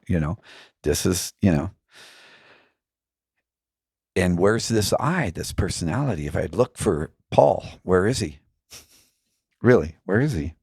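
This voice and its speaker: Give me a very deep, gravelly man musing as a podcast guest, dry and close. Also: expressive, measured pace, pauses often, a little mellow, no room sound. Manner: musing, frequent "you know" fillers. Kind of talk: reflective conversational storytelling.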